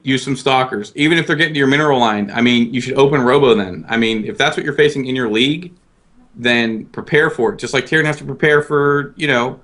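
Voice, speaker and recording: A man's voice: mid-range voice, a little fast, a bit bright. Rambling self-mocking podcast guy. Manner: self-deprecating, rambling, stammers and restarts. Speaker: guest co-host. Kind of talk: casual podcast chat.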